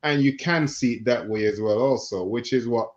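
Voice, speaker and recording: A man co-hosting a casual film chat, easygoing with drawn-out phrasing. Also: mid-range voice, highs cut off. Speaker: podcast co-host.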